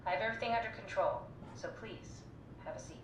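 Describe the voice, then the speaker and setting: An actress voicing a calm, insistent game heroine. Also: female voice, medium pitch, fast talker, noisy background, lightly acted. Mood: firm, reassuring. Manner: firm, reassuring, businesslike. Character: calm, insistent woman steering her partner. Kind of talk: video game dialogue. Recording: echoey, reverberant game audio heard from a distance.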